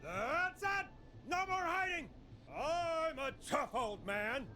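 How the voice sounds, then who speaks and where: An actor playing a man who puts on a gruff, blustering tough-old-cop voice in a video game. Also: very high-pitched, big pitch swings, takes it slowly, music in the background, exaggerated voice. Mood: defiant.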